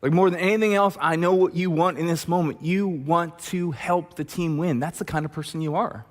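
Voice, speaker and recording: A man preaching a sermon in a relaxed, talky way, often checking in with the crowd through rhetorical questions. His voice sits a little high for a man, and the room around him adds a long, trailing hall reverb. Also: brisk. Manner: conversational, asks the audience rhetorical questions. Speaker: pastor. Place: church auditorium.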